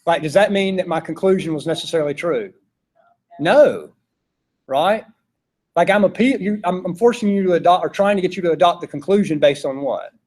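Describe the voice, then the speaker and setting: Lively man lecturing a classroom. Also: high voice, fairly quick. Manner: conversational, asks the class questions. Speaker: philosophy teacher.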